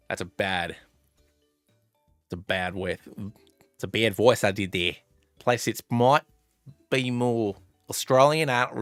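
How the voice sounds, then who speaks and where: A man streaming a game live, rambling through his moves and excitedly thanking viewers by name. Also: lowish voice, no echo, studio quality. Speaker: streamer playing a fusion monster game. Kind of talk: casual live-stream chat and game commentary.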